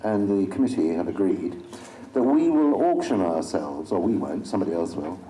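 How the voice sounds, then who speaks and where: A man's voice: low-pitched, expressive, moderate pace, dark tone. Wry man on a convention panel. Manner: wry, dry self-mocking humor. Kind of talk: joking panel talk. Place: convention hall with audience. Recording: echoey hall with crowd noise.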